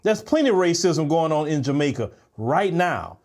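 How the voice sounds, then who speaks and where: High, animated man lecturing with indignation. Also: normal speed. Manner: indignant, lecturing, swings between high exclamations and low growls. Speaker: commentator reacting to clips. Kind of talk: heated reaction commentary.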